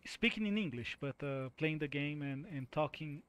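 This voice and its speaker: A man's voice: on the high side, animated, normal speed, a bit bright, clear, resonant tone. A man streaming a game live, chatting to viewers in a rambling, self-mocking way that often repeats itself. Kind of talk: live gameplay commentary talking to chat.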